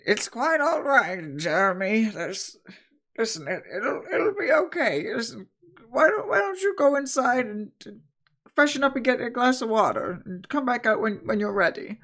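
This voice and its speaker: A man's voice: very high-pitched, animated, moderate pace, sharp tone, voice pushed up, heavily acted. A man voicing a fussy, motherly old bread woman who stammers and fills her talk with nervous uhs in a tabletop game. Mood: fretful. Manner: stammering, full of uhs, fretful.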